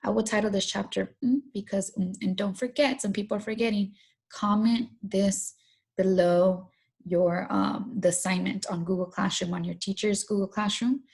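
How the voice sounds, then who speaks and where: A woman teacher leads a recorded online lesson, going through vocabulary words, repeating each one and inviting students to say it with her. Her voice is gravelly and husky, and she explains in loose everyday phrasing with frequent restarts. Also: medium pitch, steady tone, normal speed, a little mellow. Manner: repeats words and asks students to say them along.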